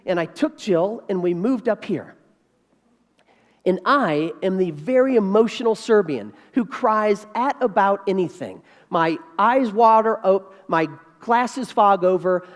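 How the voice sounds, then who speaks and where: A man of about fifty giving a keynote speech as an animated storyteller who repeats key phrases for emphasis. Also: sits high, a little slow. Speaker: keynote speaker. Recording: reverberant hall.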